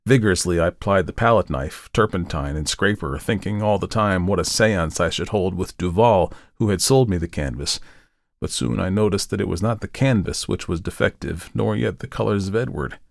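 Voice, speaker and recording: A man narrating a horror story in a measured, deliberate way, slowing down for the grim parts. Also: low-pitched, creaky, no echo, clean studio sound. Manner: measured, deliberate, slows for dread. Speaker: podcast host and reader.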